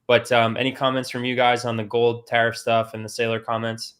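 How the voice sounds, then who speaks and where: A man's voice: mid-range voice, monotone, a little fast, fairly bright tone. A man hosting a casual panel discussion, conversational and steering the talk to his co-hosts. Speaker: podcast host.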